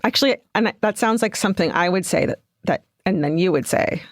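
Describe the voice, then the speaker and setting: A woman's voice: medium pitch, animated, a little fast, no echo, studio quality. A woman co-hosting a podcast, chatting casually and reading a listener's letter aloud with amusement. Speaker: podcast co-host.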